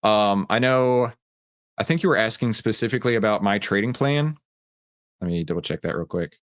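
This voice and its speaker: Hosting a casual stock-trading livestream, a Texan-accented man chats with his viewers, greets them by name and uses plenty of fillers. His voice is fairly low and fairly bright, delivered at a moderate pace.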